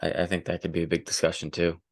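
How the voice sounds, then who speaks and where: A man with a low voice hosts a casual podcast, putting questions to his guest. His manner is relaxed and joking, loose rather than formal. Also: rapid-fire, no echo, clean studio sound. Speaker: podcast host asking questions.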